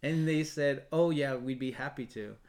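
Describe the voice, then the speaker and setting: A man with a mid-range voice tells a story in a relaxed podcast conversation. He is animated and quotes other people in lively voices. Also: medium pitch, moderate pace, crowd noise. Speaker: choir founder and guest. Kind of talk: storytelling in a casual podcast chat.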